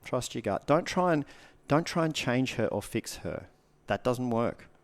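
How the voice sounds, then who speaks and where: A man's voice: mid-range voice, expressive, unhurried. A man, a guest coach giving earnest advice in casual podcast talk, repeating short punchy phrases.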